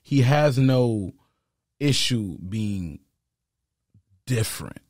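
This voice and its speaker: A man's voice: medium pitch, animated, very slow, darkish tone, no echo, clean studio sound. A man co-hosting a casual gossip chat, laid-back and joking, with sarcastic asides. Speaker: co-host of celebrity gossip show.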